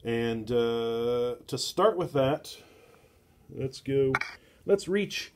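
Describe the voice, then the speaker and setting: Slow, rambling man reviewing comics. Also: mid-range voice, expressive, a little hiss or hum. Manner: rambling, many filler words and restarts; slow and deliberate. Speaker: book club host.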